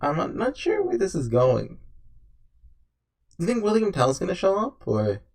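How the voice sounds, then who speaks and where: A man's voice: sits high, huge pitch swings, moderate pace, darkish tone, far from the mic. A man giving casual, rambling commentary on a video game, joking as he goes and reading the game's dialogue aloud. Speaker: let's play streamer.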